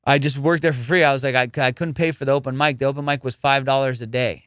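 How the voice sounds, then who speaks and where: Swearing freely, a comedy podcast host tells stories and teases in loose, casual chat. His voice is medium in pitch with fairly even intonation, quick, fairly bright, clear and resonant, recorded dry in clean studio sound.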